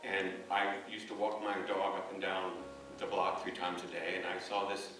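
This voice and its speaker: A man giving a rambling, hesitant memorial speech as a neighbor, telling stories with many pauses and fillers. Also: deep voice, monotone. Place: church memorial service. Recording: echoey hall, distant mic, soft music.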